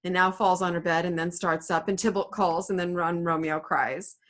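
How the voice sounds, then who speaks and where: A woman reading aloud as a fussy, chattering old female nurse in a casual play reading, in a high exclaiming voice. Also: steady tone, normal speed, lightly acted. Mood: sorrowful.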